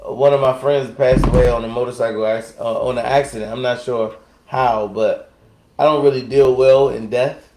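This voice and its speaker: Relaxed man rambling in an echoey room. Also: medium pitch, normal speed. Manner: relaxed, rambling, with many fillers and restarts. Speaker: co-host. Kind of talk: casual chat.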